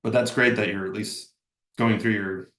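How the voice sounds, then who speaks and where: A man's voice: lowish voice, steady tone, moderate pace, a bit bright, roomy sound. A man leading a real estate training session over a video call, talking casually and acting out sample phone messages. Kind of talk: live online training session.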